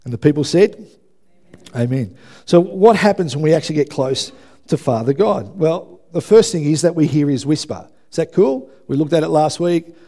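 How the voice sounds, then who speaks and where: A man's voice: fairly high pitch, lively intonation, moderate pace, mellow. A man preaching a sermon in a conversational way, often checking in with the congregation. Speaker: pastor.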